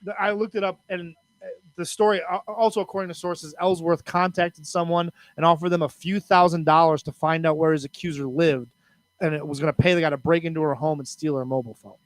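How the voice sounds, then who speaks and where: Man, podcast co-host, incredulous, high voice, dry recording. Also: steady tone, fairly quick, no room sound. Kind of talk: casual chat.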